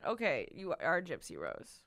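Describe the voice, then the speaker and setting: A young woman from Boston co-hosting a casual comedy podcast, loud and excitable, often breaking into laughter. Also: deep voice, normal speed, vocal fry. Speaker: podcast co-host.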